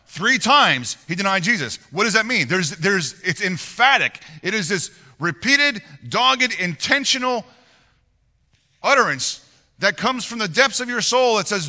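A man preaching a sermon as pastor, reading scripture aloud and explaining it with animated rhetorical questions to the congregation. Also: sits high, moderate pace, long reverb tail.

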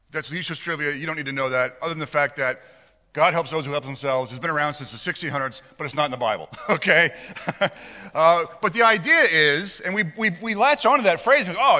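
Bright high-voiced male pastor, reverberant hall. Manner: conversational, asks the congregation questions, jokes. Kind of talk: sermon. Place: church hall with a congregation.

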